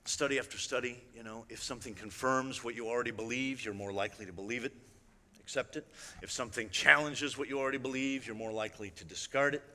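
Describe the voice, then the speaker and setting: Male illusionist on stage, crisp bright voice, wry chatty delivery, long hall reverb. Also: mid-range voice, fast. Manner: chatty, wry, addresses the audience directly with frequent asides. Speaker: illusionist giving a talk. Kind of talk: conversational stage presentation.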